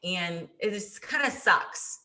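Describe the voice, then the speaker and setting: A young woman in casual podcast chat about competing, chatty and animated, acting out what other people say. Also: lowish voice, slow pace. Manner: chatty, animated, acts out quoted voices. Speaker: podcast guest, bikini competitor.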